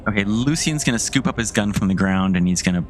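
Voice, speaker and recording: A man's voice: fairly low pitch, lively intonation, quick pace, a little hiss or hum. A man player in a tabletop game, eager and a bit hesitant.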